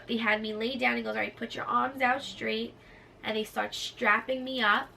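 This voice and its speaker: A woman's voice: normal speed, vocal fry. A young woman telling a personal story to her vlog audience in casual chat, acting out what others said to her. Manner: animated, acts out nurses' lines in a higher voice. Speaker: vlogger. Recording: slightly distant mic with faint room noise.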